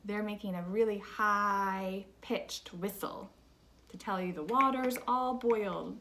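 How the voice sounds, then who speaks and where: Slow-speaking woman teaching kids music. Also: medium pitch, fairly bright tone, a little hiss or hum. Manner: slow, patient, questioning kids. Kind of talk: children's music lesson.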